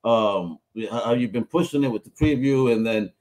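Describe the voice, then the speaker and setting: A male podcast host who chats in a relaxed, slangy way and swears freely. He launches into anecdotes in a familiar, unpolished tone, like talking to an old friend. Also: medium pitch, normal speed. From Puerto Rico. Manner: loose and profane, slangy storyteller. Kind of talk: casual chat.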